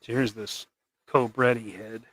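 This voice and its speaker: A man's voice: mid-range voice, fairly even intonation, measured pace, fairly bright tone, dry recording. A man hosting a casual livestream while he paints custom action figures, rambling and trailing off into mumbles.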